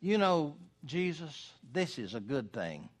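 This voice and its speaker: A man preaching a sermon in an earnest, folksy way, rising to loud emphasis at key points. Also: a little high, very animated, takes it slowly. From United States.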